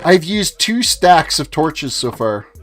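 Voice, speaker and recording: A man's voice: on the high side, big pitch swings, takes it slowly, fairly bright tone. A man in his forties from Canada, chatting casually through his gameplay livestream and answering his chat as he plays. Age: 40s. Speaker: gaming livestreamer. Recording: faint music behind.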